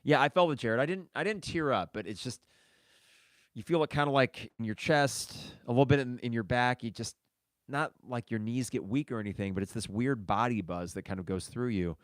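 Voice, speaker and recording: A man's voice: mid-range voice, fairly quick, no room sound, clean studio sound. A man hosting a casual solo sports podcast, reading listener mail and reacting in a chatty way. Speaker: podcast host.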